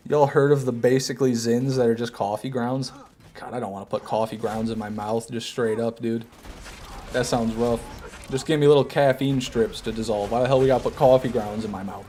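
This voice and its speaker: A man's voice: medium pitch, fairly even intonation, brisk, warm tone, a little hiss or hum. A young American man from Michigan, joking and rambling to his chat during a casual gameplay livestream. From Michigan, USA. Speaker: gaming streamer.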